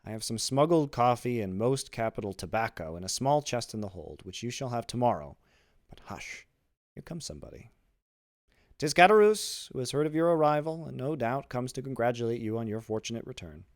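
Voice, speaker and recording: Guy reading as an eager young sailor, lively up-and-down voice, dry sound. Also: a little fast, hardly any pauses, dry recording, lightly acted. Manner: raised pitch, emphatic. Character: earnest young male sailor, eager, generous.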